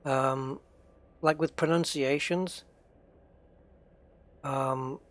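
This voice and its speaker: A man's voice: mid-range voice, steady tone, very slow, a bit bright. A man with an English accent, a game streamer chatting casually with viewers during a live stream and musing aloud as he plays. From United Kingdom.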